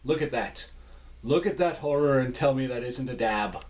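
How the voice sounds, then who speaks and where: A man's voice: mid-range voice, normal speed, darkish tone, a little hiss or hum. A man reviewing cereal in a casual vlog from a small indoor room, with playful, jokey asides.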